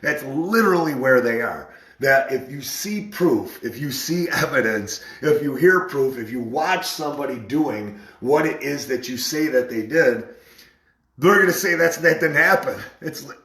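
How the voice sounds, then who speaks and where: A man's voice: mid-range voice, expressive, unhurried, few pauses, a bit bright, echoey room. A man on a casual live stream, animatedly retelling an argument, repeating himself and acting out what others said.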